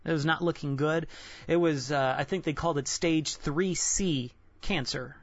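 A man's voice: on the high side, no room sound. Earnest young man giving a devotional. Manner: earnest, candid, halting with frequent restarts. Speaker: Christian devotional speaker. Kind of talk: personal devotional sermon. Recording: dull lo-fi dry recording.

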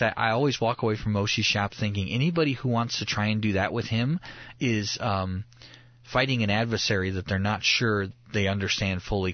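A man's voice: lowish voice, no echo, muffled recording. Earnest man chatting about faith. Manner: earnest, animated storytelling with restarts. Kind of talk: casual faith conversation.

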